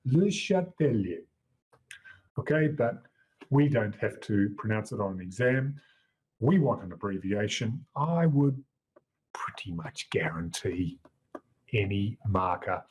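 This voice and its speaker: A middle-aged man with an Australian accent giving an exam-prep chemistry lecture, jokey and swooping up in pitch for emphasis. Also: slightly rough. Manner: lively, jokey teacher who swoops up for emphasis. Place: lecture room. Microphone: wearable mic.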